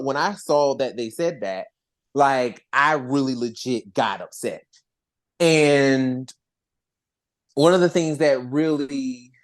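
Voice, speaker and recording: A podcast host with a mid-range voice chats casually, rambling in an animated way, restarting often and swearing.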